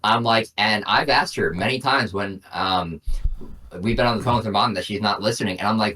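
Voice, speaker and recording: A young man co-hosting a casual podcast, his voice fairly low, a little fast and sharp, picked up from a distance. He rambles through long stories, dropping "I'm like" again and again.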